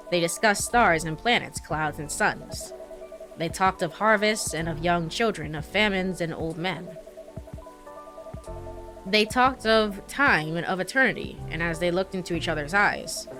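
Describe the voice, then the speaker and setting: Giggly woman reading game text aloud. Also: fairly low pitch. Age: young adult. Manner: giggly, stumbles over names, chatty asides. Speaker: game streamer. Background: faint game music.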